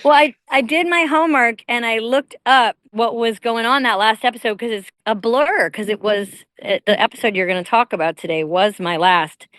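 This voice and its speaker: A woman's voice: on the high side, moderate pace, few pauses, a bit bright, dry recording. A woman in her fifties, chatting wryly as a podcast guest from an airport, laughing easily. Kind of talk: casual podcast chat.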